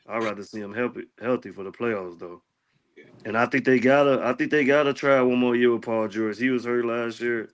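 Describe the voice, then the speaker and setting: A man on a sports podcast panel giving quick, decisive opinions in casual banter. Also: medium pitch.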